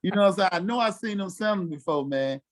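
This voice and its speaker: A former football player from Mississippi, telling stories casually and acting out quotes with lots of "you know what I'm saying". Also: male voice, sits high, lively intonation, fast. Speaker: former NFL fullback, podcast guest. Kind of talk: casual storytelling interview.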